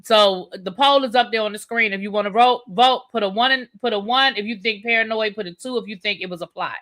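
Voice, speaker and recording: A woman's voice: medium pitch, fairly quick, fairly bright tone. A woman hosting a live TV review, chatting casually with her viewers and repeating phrases for emphasis. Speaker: TV review host. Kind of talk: live recap and rant, casual chat.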